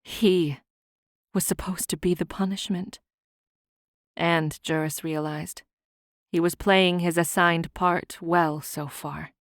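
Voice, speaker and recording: A woman narrating a fantasy audiobook in a measured, soft-spoken reading on a close studio mic. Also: fairly low pitch, no room sound.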